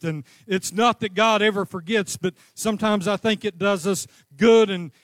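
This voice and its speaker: Male pastor, high-pitched, fervent sermon delivery, dry close mic. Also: dry recording. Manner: impassioned preaching, rising to cries then dropping to a calm teaching tone.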